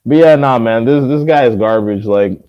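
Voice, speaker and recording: A man's voice: mid-range voice, normal speed, clean tone, no room sound, highs cut off. A man hosting a casual chat, telling stories with profanity and frequent laughs. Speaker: podcast host.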